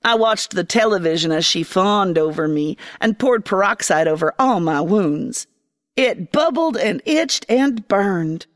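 A woman narrating a first-person fantasy story in an expressive, dramatic way. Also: mid-range voice, unhurried, in a large hall. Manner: expressive, dramatic, voicing a young girl.

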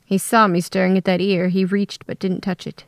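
A woman's voice: mid-range voice, moderate pace, dry recording. Give me a woman narrating a story steadily, in a dry, close recording. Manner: steady first-person storytelling. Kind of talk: scripted narration.

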